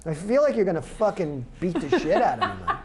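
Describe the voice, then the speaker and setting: A woman's voice: lowish voice, sing-song, brisk, background noise. A woman from New York co-hosting a casual podcast, ranting emphatically with heavy swearing and many restarts. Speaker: podcast co-host. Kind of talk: casual chat.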